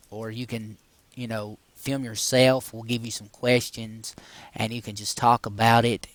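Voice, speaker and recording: Middle-aged male vlog host, low-pitched and casual, speaks in a loose, meandering way, dry close sound. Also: fairly bright tone, no room sound. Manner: loose and rambling, many fillers, often says "guys". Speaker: paranormal podcast host. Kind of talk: casual rambling monologue to viewers.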